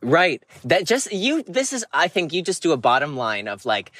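A man's voice: fairly high pitch, huge pitch swings, normal speed, hardly any pauses, fairly bright tone, no echo. A man co-hosting a casual advice chat, brash, emphatic and full of swearing. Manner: brash, profane, emphatic ranting. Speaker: advice podcast co-host.

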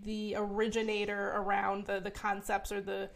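A woman's voice: medium pitch, monotone, normal speed, vocal fry. A woman hosting an interview, encouraging her guests and asking long questions with many fillers. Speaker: interview host.

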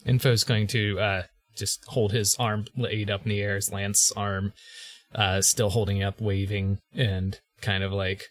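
A man's voice: on the low side, flat delivery, a little slow, no echo. A man playing a tabletop game, describing his character's actions hesitantly with fillers. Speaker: player.

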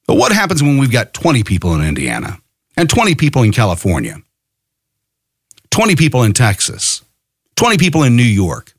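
A man's voice: mid-range voice, huge pitch swings, brisk, pauses often, dry recording, clean studio sound. A middle-aged American man hosting a podcast, delivering a fiery, profane political monologue that urges listeners to act. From United States. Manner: fiery, profane, rallying exhortation. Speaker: podcast host.

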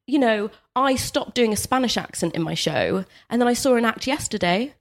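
A woman's voice: on the high side, animated, creaky. A woman comedian guest, flustered, stumbling over her words and correcting herself in comedy chat. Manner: flustered, quick self-correcting.

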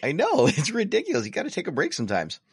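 A man's voice: high-pitched, huge pitch swings, quick pace, breathy edge, no room sound, studio quality. A man co-hosting a podcast in casual chat, rambling and self-deprecating with sarcastic humor. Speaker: podcast co-host.

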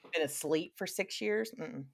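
A woman co-hosting a podcast in casual chat, sassy and quick with a joke, laughing often as she tells stories. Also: fairly low pitch, gravelly.

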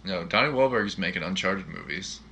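A man talks through a movie in loose, casual chat, jokey and full of quick questions. His voice is very bright and forward. A faint noise sits behind him. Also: sits low, lively intonation, vocal fry.

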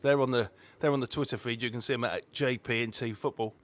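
A man co-hosting a podcast, telling an anecdote in casual chat with animated laughter. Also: mid-range voice, fast talker, dry recording. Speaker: podcast co-host.

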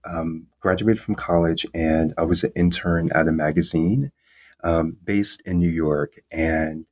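A young man interviewing an author, speaking in a measured way with frequent filler pauses. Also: deep voice, fairly even intonation, darkish tone. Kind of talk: interview questions and conversation.

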